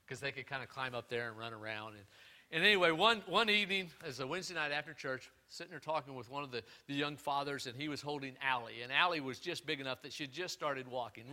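A man preaching a sermon as pastor, moving from loud emphatic peaks to quiet asides, telling folksy stories with repeated words. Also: mid-range voice.

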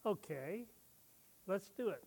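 A man's voice: high voice, animated, slow, gravelly, darkish tone, breathy edge, exaggerated voice. A man voicing a small, stubborn, testy puppet boy who talks back in a sulky, contrary way. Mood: impatient.

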